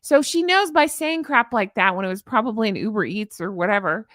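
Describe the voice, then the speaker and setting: A woman's voice: mid-range voice, brisk, dry recording. Middle aged woman ranting on her stream, sarcastic, dry close mic, reads stuff and thanks chat. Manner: sarcastic, animated, talks to live chat. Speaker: commentary channel host. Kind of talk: casual opinion chat with live chat.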